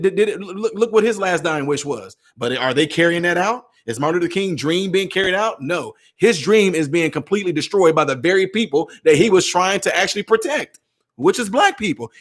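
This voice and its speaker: Sarcastic guy ranting on his vlog, fairly high voice, lots of stammering. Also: fairly quick. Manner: animated, sarcastic, stammering restarts. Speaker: vlogger. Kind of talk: casual commentary rant.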